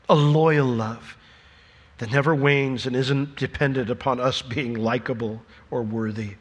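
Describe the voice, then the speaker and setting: A man pastor delivering a sermon, swinging between loud emphatic questions and hushed, slow, near-whispered phrases. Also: medium pitch. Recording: long reverb of a large hall.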